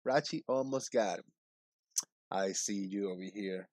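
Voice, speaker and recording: Man, livestream host, casual chat, unhurried talk, dry close sound. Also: lowish voice, darkish tone, no room sound. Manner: upbeat, greets viewers by name.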